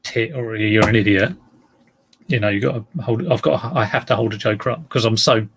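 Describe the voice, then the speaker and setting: A man hosting a casual live stream about his online resale listings, talking in a deadpan, joking way. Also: lowish voice, fairly quick, slight background noise. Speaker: livestream host.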